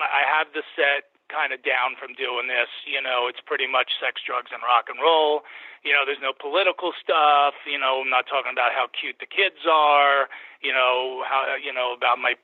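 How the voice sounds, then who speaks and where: A man's voice: medium pitch, no echo. A male comedian co-hosting over the phone, easygoing and joking with many fillers. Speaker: comedian co-host. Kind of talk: casual phone interview. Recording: dry tinny phone line.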